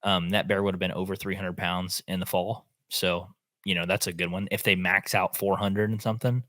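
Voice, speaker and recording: A man, a podcast host telling an animated hunting story in casual chat. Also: deep voice, brisk, dry recording, studio quality. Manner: animated, acts out quotes in voices.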